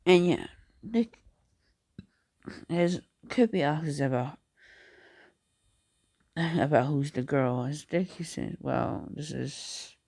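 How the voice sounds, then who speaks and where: A man casually making up and telling a fan story, halting and rambling with many restarts. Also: on the high side, darkish tone, dry recording, studio quality.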